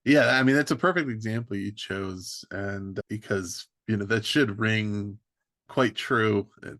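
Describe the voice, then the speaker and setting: A man hosting a podcast, speaking thoughtfully with many pauses and fillers. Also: fairly low pitch, a bit bright, dry recording, studio quality. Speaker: podcast host. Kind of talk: conversational interview.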